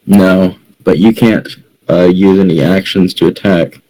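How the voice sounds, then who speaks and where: A man acting as game master, briskly calling rules and prompting the players. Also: low-pitched, steady tone, mellow, poor audio. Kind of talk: running a tabletop game.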